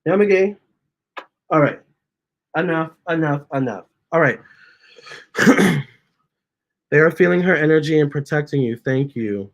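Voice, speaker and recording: A man's voice: on the high side, animated, unhurried, pauses often. A man, a tarot reader, chatting casually on his livestream, reading viewer comments aloud and cooing at his cats. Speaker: tarot reader and channel host.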